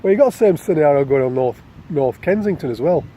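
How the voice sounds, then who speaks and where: A man's voice: a little high, animated, fast talker, mellow, slight background noise. A man with a London accent, talking casually and rambling outdoors in a city, repeating words and swearing now and then. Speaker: vlogger. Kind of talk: casual opinion monologue.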